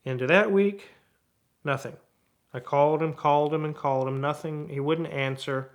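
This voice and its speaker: Mechanic guy, middle-aged, fairly high voice, tells a story and does both sides of the talks. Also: normal speed. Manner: animated, acts out both sides of dialogues. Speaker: auto repair shop owner. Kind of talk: storytelling to camera.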